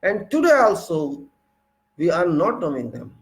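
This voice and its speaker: Speaking a little slowly in a fairly high, sing-song voice, a male political commentator with an Indian English accent gives an outraged monologue. It's full of rhetorical questions and repeated lines, and the recording is rough.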